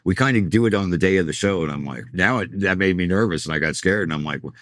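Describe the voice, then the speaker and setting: Low-voiced man telling road stories. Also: fast, a bit bright, no echo, clean studio sound. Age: middle-aged. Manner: rambling anecdotal storyteller, acts out quoted lines. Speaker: tour manager and guest. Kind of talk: casual storytelling interview.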